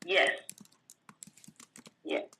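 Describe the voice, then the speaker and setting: A woman's voice: extremely slow, bright, forceful tone, rough recording. A woman tax professional, a guest, explaining filing rules step by step in a plainspoken, casual way, with fillers. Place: California.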